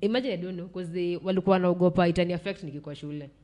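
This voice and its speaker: Low-voiced young Kenyan woman, emotional. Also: steady tone, rapid-fire, warm tone. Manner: mixes English and Swahili slang, blunt, swears. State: emotional, near tears. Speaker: podcast guest. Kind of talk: emotional personal storytelling.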